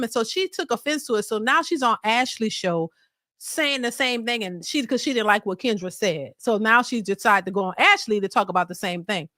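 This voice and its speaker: A woman hosts a reaction stream with a high, bright voice. She bluntly fires rhetorical questions at the clip's guest. The sound is dry and close. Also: brisk, no room sound. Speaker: reaction channel host. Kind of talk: casual commentary reacting to a clip.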